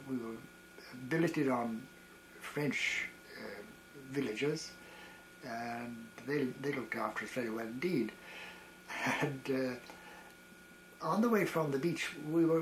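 An elderly man in his eighties tells stories from his days as a variety performer. He stops and restarts often, chuckling at his own tales, and his voice sits at a middling pitch. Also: slight background noise, poor audio. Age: 80s. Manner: halting, with many restarts and chuckles. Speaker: retired variety performer recalling wartime. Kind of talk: reminiscing storytelling.

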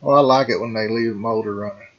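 A man's voice: on the low side, quick pace, muffled recording. A middle-aged man hosting a gaming channel, talking in a rambling, folksy way and calling his viewers folks. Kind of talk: casual farming game commentary.

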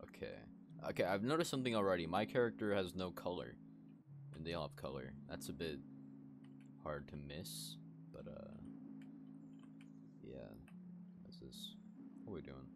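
A man with a low-pitched voice streams a video game in casual let's-play fashion, speaking at a moderate pace with frequent pauses. He comments offhandedly and mumbles item text aloud while the game soundtrack and other background noise play.

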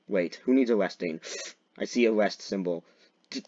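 A man's voice: fairly low pitch, normal speed, pauses often, muffled recording. Young man doing joking game commentary. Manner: jokey, swings into loud mock-dramatic shouts. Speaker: gaming video creator. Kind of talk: gameplay commentary.

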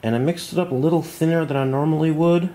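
A man walking through a model glider build at home at night, thinking aloud in a relaxed, self-deprecating way. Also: fairly high pitch, quick pace. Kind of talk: hands-on build tutorial.

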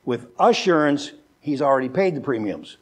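A man's voice: mid-range voice, lively intonation, breathy edge. Folksy older male preacher. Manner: folksy, joking, often repeats words when restarting; slows down and lifts his voice when reading scripture. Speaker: pastor. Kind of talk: sermon.

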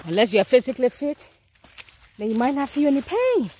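Woman in her 50s, breathless on an outdoor hike, chatty phone-vlog delivery, pitched a touch high. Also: big pitch swings, brisk, a little mellow, slightly rough. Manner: chatty, talking to the camera and her dog. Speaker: vlogger. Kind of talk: casual walking vlog. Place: outdoors on a mountain trail.

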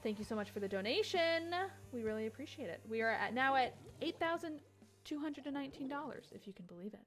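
A woman hosts a charity game stream, reading donations and chatting casually. Her voice sits a little high and her manner is giggly and chatty. Faint music plays in the background. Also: expressive, fast.

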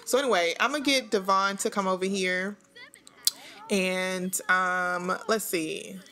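Woman host, unhurried casual game commentary, easy laughter. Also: mid-range voice, fairly even intonation, sharp tone. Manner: chatty, laughs often, talks to viewers as y'all. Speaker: gaming channel host. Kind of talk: casual let's-play commentary.

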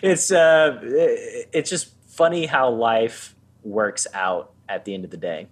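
A man's voice: mid-range voice, slow pace, husky. A man hosting a podcast interview, making reflective, wry remarks in casual chat. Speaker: podcast host.

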